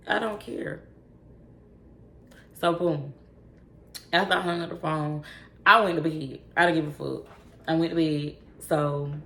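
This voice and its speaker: Gravelly, blunt storytelling woman. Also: low voice. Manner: blunt, profane, animated storyteller. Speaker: vlogger telling a story. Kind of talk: casual storytime. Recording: echoey room with faint noise.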